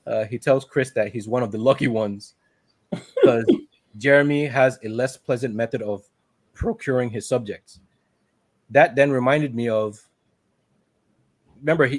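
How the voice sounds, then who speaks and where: A man's voice: medium pitch, no room sound. A man in an average register talks his co-host through a film's plot in a loose, conversational way. He slips into quoted lines from the characters and breaks into laughter along the way. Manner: animated retelling, laughs often, quoting characters. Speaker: podcast co-host. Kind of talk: casual movie recap.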